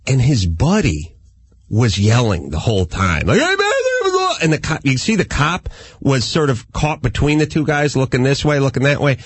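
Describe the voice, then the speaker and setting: Husky, animated man ranting. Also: normal speed, no echo. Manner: animated ranting, mimics people in high yelps. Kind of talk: casual comedic talk.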